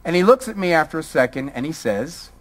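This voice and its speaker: A man's voice: a little high, lively intonation, a little fast. A man from Brooklyn giving a college lecture, firing a string of rhetorical questions at the audience. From Brooklyn, New York. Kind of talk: public lecture.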